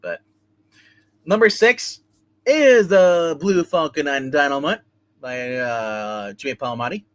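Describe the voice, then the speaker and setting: A man's voice: on the high side, expressive, slow, no room sound. A man reviewing comic books in a casual, rambling way, retelling each plot with many restarts.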